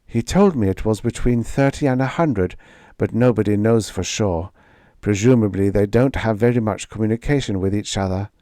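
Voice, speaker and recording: A man's voice: fairly low pitch, moderate pace, mellow, no echo, clean studio sound, close to an everyday voice. Man reading as a tense woman ship captain. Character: tense young woman captain stalling an alien.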